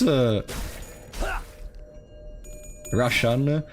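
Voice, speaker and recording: A man's voice: a little high, big pitch swings, moderate pace. A man with an Italian accent, a native Italian speaker, streaming a game in casual commentary, wry and sarcastic and laughing often. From Italy. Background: faint game music.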